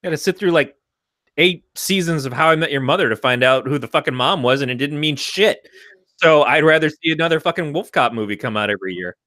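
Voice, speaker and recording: A man's voice: fairly high pitch, a little fast, bright, forceful tone, no room sound, low-quality recording. A man co-hosting a podcast, recounting a movie scene in casual, profane chat. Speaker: podcast co-host.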